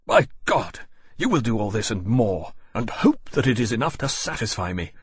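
A man reading an audiobook voices a stern captain who speaks in a quiet, cold, clipped way. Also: lowish voice, expressive, normal speed, breathy edge. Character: stern male naval captain, controlled anger.

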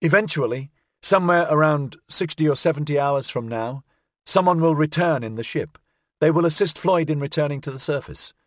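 A man's voice: a little high, normal speed, no echo, clean studio sound, pitched above the performer's own voice, natural voice. Brief: a man playing a wounded woman agent, firm and clipped, voice a little lifted. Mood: commanding. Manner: commanding, clipped.

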